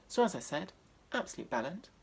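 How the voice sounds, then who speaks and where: A man, doing a deadpan, self-deprecating stand-up set. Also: sits high, brisk, creaky, slight background noise. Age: 20s. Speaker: stand-up comedian.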